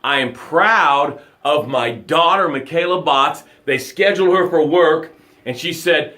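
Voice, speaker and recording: A man's voice: fairly high pitch, moderate pace, pushed and bright. A man hosting a live motivational broadcast, speaking with energy and emphasis and acting out voices as he goes.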